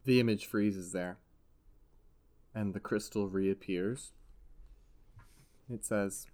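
Relaxed male game master, unhurried, mid-pitched narration. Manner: relaxed, conversational, with frequent laughs.

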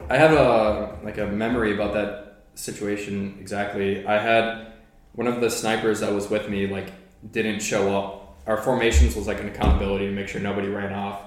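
A man's voice: lowish voice, level tone, normal speed, slight background noise. A young man and podcast host telling army stories in a casual, swearing way, full of "like" fillers. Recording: very echoey room.

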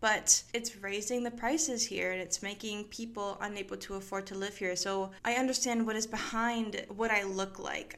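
A woman's voice: medium pitch, a bit bright. A young woman who grew up in Mexico hosts a personal podcast monologue. She talks in a reflective way and often uses fillers like "like" and "I guess". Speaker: podcast host.

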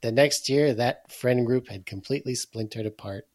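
A man's voice: mid-range voice, moderate pace, darkish tone, no echo. A man in his thirties co-hosting a podcast, telling jokes and stories with self-deprecating dry humor. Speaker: podcast co-host. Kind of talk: casual chat.

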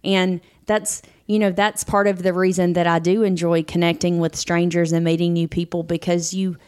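A woman co-hosting a podcast speaks in a somewhat low voice. She reflects on the story and encourages her co-host in relaxed conversation. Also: normal speed, smooth. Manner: supportive, reflective listener. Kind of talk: casual chat.

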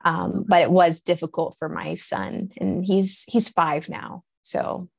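Woman podcast host, casual and halting with fillers, lowish gravelly voice, dry close sound. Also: fairly even intonation, dry recording. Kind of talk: casual interview chat.

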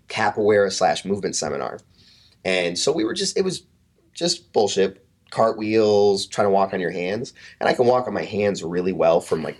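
Deep-voiced man telling a story. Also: slightly rough. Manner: animated, profane, acts out quotes in hushed voices. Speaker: guest, fitness coach. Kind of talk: casual storytelling in a podcast interview.

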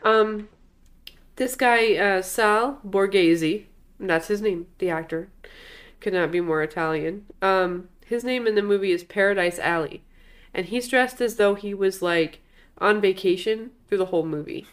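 A woman's voice: medium pitch, measured pace. Woman casually co-hosting a podcast. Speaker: podcast co-host. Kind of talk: casual chat reviewing a movie.

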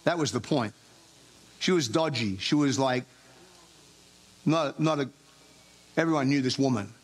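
A man's voice: mid-range voice, measured pace. A man preaching a sermon in an informal, conversational way. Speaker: pastor.

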